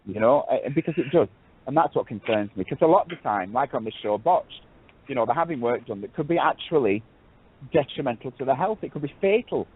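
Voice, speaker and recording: A man's voice: medium pitch, animated, fairly quick, slightly rough. A man co-hosting a radio talk show, chatting casually and rambling with self-corrections, calling his co-host "darling". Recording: tinny phone-like radio audio.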